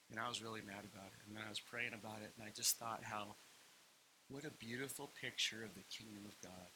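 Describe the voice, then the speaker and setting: A man's voice: lowish voice, expressive, fairly quick, noisy background. A man preaching a sermon as pastor, telling stories with playful asides and acted-out quotes. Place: church hall.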